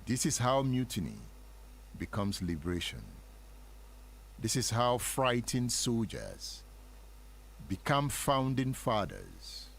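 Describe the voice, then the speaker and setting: Man, husky voice, slow deliberate delivery, wildly swinging pitch, dramatic history lecture, rhetorical questions. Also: huge pitch swings. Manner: theatrical, rhetorical questions, sermon-like cadence. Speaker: host.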